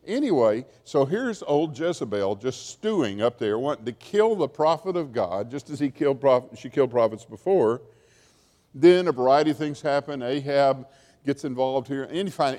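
A man's voice: mid-range voice, a little mellow. Male Bible teacher, informal and wry with asides, mid-range voice, recorded in a reverberant hall. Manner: chatty, wry, asides and chuckles. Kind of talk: informal lecture storytelling.

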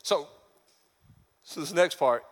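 In a church sanctuary with the long reverb of a large hall, a pastor with a fairly high voice speaks slowly. His sermon is conversational and funny, and he slips into character voices for the stories he tells.

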